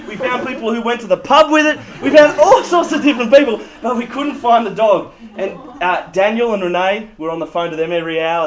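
Aussie guy preaching, lively and jokey, kinda high voice, dull lo-fi sound. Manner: animated, humorous storytelling. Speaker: pastor. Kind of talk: sermon.

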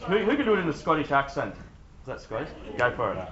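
A man preaches in a relaxed, conversational way, joking and putting questions to the people in front of him. His voice sits a little high for a man. The recording sounds dull and muffled. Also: fast, crowd noise. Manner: conversational, jokey, talks with the room. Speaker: youth pastor. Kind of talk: sermon.

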